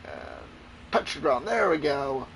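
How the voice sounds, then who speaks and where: A gamer streamer plays a flight game and tells a long, profane story, rambling through a casual, animated retelling. His voice is a little high, unhurried and creaky. The recording is rough, with a little hiss or hum.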